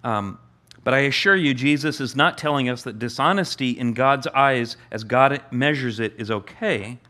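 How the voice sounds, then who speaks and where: A male pastor preaches at an easy, middling pitch, talking more than declaiming. He often stumbles and restarts, repeating words as he builds a point, and his delivery is plain and unpolished. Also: normal speed, sharp tone. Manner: acts out the master's amused voice with a higher pitch. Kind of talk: sermon.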